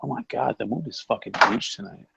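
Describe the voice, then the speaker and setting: A man in casual livestream banter, excitable and swearing a lot, with loud outbursts. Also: mid-range voice, brisk, vocal fry, slight background noise, low-quality recording. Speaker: co-host.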